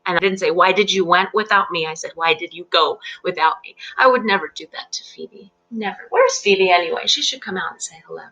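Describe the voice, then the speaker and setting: A middle-aged woman teaching English on a live stream, explaining patiently and clearly with fillers and easy laughs. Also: medium pitch, quick pace, few pauses, sharp tone, lo-fi sound. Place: home in Central Virginia.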